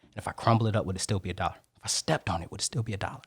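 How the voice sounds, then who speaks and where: A man, a Marine, telling stories as a guest on a podcast interview in an animated way. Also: fairly low pitch, husky, no echo, studio quality. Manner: animated, rapid storytelling.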